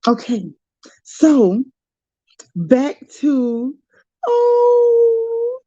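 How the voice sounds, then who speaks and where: Her voice sits fairly high and sounds mellow on a muffled, echo-free recording. She's a livestream host gushing to her chat in casual conversation, emotional and addressing viewers by name.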